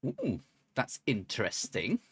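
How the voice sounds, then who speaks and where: This woman's bass voice swoops wildly in pitch and comes out slow, creaky, and slightly rough, with no room sound around it. She's live-streaming a flight simulator and rambling casually with many ums and restarts, every so often erupting into laughs and chants.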